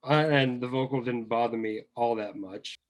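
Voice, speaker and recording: Man, competition host, brisk, teasing, mid-pitched. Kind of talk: hosting a music competition.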